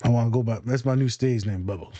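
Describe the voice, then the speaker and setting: Male therapist co-host, mid-pitched, dry close mic, teasing and chatty. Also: fast, mellow, dry recording. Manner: playful, teasing, chatty with fillers. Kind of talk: casual podcast chat.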